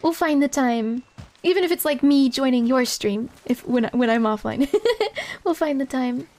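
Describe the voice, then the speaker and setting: Giggly high-voiced woman streaming a game. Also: moderate pace, a little mellow. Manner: giggly, answers chat between game moments. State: stuffy nose. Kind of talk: casual live-stream chat while playing. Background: game music.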